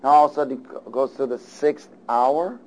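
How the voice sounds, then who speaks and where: A man preaching a sermon and reading scripture, calling out to the congregation and swinging between loud and soft. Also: mid-range voice, normal speed, a little hiss or hum, rough recording. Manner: call-and-response, rises loud and falls soft.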